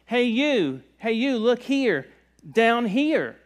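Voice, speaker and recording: A man's voice: very high voice, very animated, slow pace, voice pushed up, full character voice. A man voicing a talking female frog from a joke in a sermon, in a raised, insistent voice. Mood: calling out. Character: talking female frog, cheerful, eager, promising.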